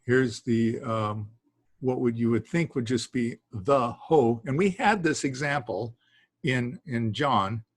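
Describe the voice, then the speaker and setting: In a classroom, a man gives a Greek lesson in a slow, husky, medium-pitched voice, recorded without echo. He wanders as he talks, keeps interrupting himself to start sentences over, and lets out the occasional chuckle.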